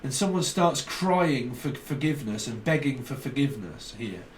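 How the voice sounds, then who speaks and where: A man in an echoey room, set back from the microphone, talks through a tarot reading in a loose, rambling way. He free-associates from word to word, repeats himself and circles back, at an average male pitch. A faint hum of background noise sits under his voice. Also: expressive, normal speed. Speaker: tarot reader. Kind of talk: casual spoken tarot reading. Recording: roomy echo, distant mic, faint background noise.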